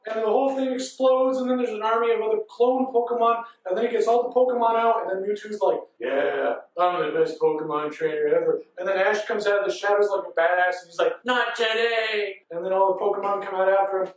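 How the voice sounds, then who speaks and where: A man's voice: sits high, little pitch movement, fast talker, hardly any pauses. Breathless run-on storyteller, a man in his 30s. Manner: breathless, run-on storytelling with frequent ands and laughs. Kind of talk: rambling comic recap. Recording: echoey hall from far off.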